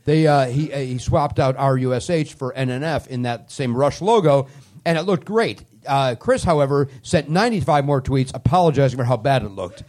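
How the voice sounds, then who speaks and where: A man hosting a live comedy show on a club stage, teasing the audience with quick sarcastic riffs. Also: medium pitch, expressive, a little mellow. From Canada. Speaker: comedy podcast host. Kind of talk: live comedy crowd work.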